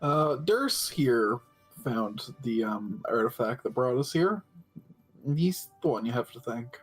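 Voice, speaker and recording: Husky-voiced male player. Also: mid-range voice, sing-song, takes it slowly, soft background music, rough recording.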